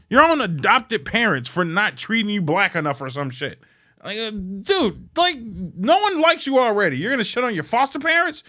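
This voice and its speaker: A man from Chicago hosting a podcast, ranting in a blunt, profane, heckling way that swings between muttered asides and loud outbursts. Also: high voice. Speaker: podcast host. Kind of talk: ranting casual monologue.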